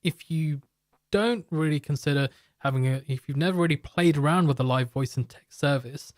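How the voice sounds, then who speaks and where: A man's voice: fairly high pitch, moderate pace, no room sound, studio quality. A man hosting a live market stream, explaining in a loose, rambling way and joking with chat viewers. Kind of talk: live market commentary and product pitch.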